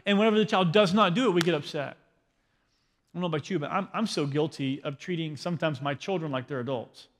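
A man's voice: on the high side, brisk, in a large hall, slight background noise. A man in his thirties, a pastor preaching a parenting sermon in a conversational, joking way, often asking the crowd questions. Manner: conversational, asks the crowd questions, self-deprecating humor.

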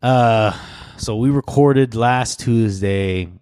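In a dry, studio-quality recording, a man speaks slowly in a clear, resonant, medium-pitched voice. Co-hosting a podcast, he trades profane, laughing banter with a friend and breaks into mock shouting now and then.

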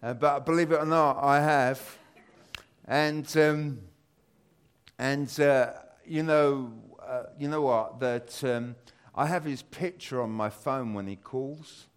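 A man's voice: medium pitch, slow pace, smooth. A British man in his fifties giving a church talk, telling a personal story with lots of fillers. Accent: British English. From Britain. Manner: rambling, animated storytelling with many fillers. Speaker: church speaker.

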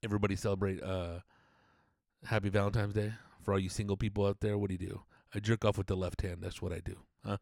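A man's voice: deep voice, very fast, creaky, few pauses, no echo, clean studio sound. A man hosting a podcast, delivering a crude comedic rant full of swearing and mock stammers. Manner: profane, animated, mock-stammering. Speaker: podcast host.

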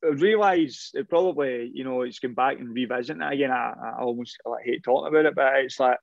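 A man's voice: medium pitch, quick pace, vocal fry, dry recording, dull audio. Man telling rambling football stories. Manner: rambling, animated anecdotes with repeated restarts. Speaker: former professional footballer. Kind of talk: casual interview storytelling.

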